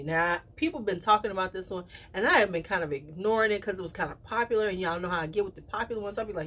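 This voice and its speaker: A woman talking casually to camera as a perfume reviewer, chatty and animated, with playful asides and quick drops to a whisper. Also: lowish voice, breathy edge. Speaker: perfume reviewer and channel host.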